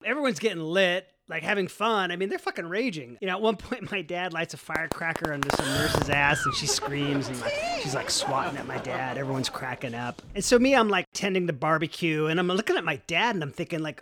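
A man's voice: high voice, very animated, fairly quick, fairly bright tone. A man telling a long personal story in a casual, profane way, full of "like" and "you know". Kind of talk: first-person storytelling monologue.

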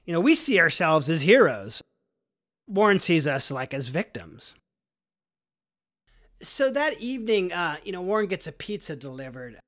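A man telling a personal story in an animated, rambling way, full of "like" and "you know", swearing and acting out voices. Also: on the high side, moderate pace, pauses often. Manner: animated, lots of likes and you knows, swearing, acts out voices.

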